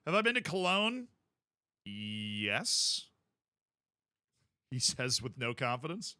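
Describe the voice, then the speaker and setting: Man, game streamer, casual rambling chat, jokey outbursts, bright tone, dry close sound. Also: a little high, a little fast, no room sound. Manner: animated, rambling and jokey, with sudden loud outbursts.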